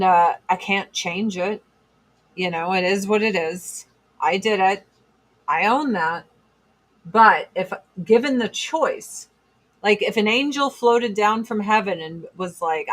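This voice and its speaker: A woman's voice: on the low side, fairly bright tone. Blunt rambling woman streamer. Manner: blunt, rambling, swears freely. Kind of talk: casual chat stream.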